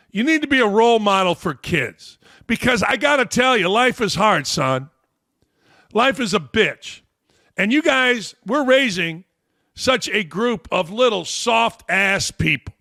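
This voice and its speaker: A middle-aged American man hosting a sports talk show, ranting bluntly and profanely with sudden shouted outbursts. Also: high-pitched, sing-song, unhurried, creaky, dry recording, studio quality. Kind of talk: opinionated sports rant.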